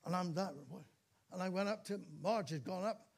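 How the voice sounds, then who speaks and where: High-voiced preacher man, storytelling sermon. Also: moderate pace. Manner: storytelling with dramatic repeats and exclamations of praise.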